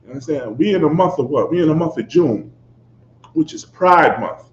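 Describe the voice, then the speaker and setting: A man's voice: on the high side, expressive, moderate pace. Fiery preacher man, echoey lo-fi recording. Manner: repeats "you understand?" after nearly every phrase; fiery and profane. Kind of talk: confrontational sermon. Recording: echoey, dull lo-fi recording with faint background noise.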